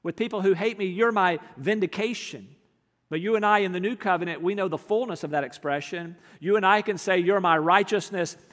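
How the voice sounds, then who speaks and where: A man preaching a sermon as pastor, earnest, moving between emphatic lines and hushed ones. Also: high-pitched, long reverb tail.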